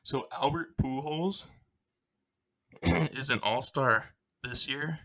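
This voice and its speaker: A man's voice: medium pitch, extremely slow, gravelly, pushed and bright. A young man co-hosting a casual podcast, rambling with fillers. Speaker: podcast co-host.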